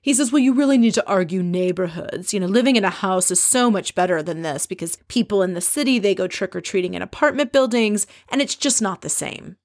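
A woman chatting casually as she recaps a reality show, opinionated and quick to mimic the people she describes. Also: mid-range voice, lively intonation, a little mellow.

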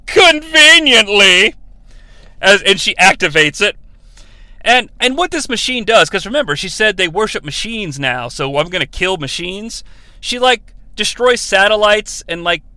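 A man's voice: high voice, no echo. A man hosting a podcast, giving a sarcastic, profane, comedic recap of a movie. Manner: sarcastic, profane, animated retelling. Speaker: podcast host.

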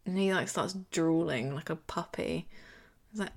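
A British woman co-hosting a podcast in casual chat, laughing often and retelling scenes in an animated way. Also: sits low, moderate pace, creaky. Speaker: podcast co-host.

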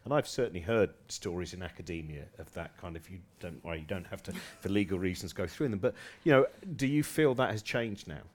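A man's voice: deep voice, animated, fairly quick, few pauses. A man co-hosting a podcast, asking long, winding questions. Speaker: co-host. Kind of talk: casual podcast chat.

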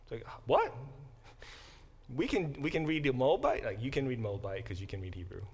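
A man's voice: mid-range voice, very animated, fast talker, darkish tone, breathy edge. Bible professor, man, middle-aged, easygoing explainer in class. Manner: conversational, explains terms step by step. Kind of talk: classroom lecture.

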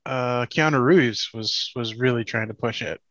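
A man's voice: mid-range voice, moderate pace, a bit bright, no room sound, highs cut off. A man co-hosting a casual podcast chat, speaking in a matter-of-fact way.

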